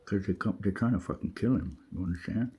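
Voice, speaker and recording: A man's voice: fairly low pitch, fast, mellow, breathy edge. A man delivering a rambling, urgent spiritual monologue to camera, full of swearing and restarts. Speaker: vlogger. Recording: dull lo-fi audio.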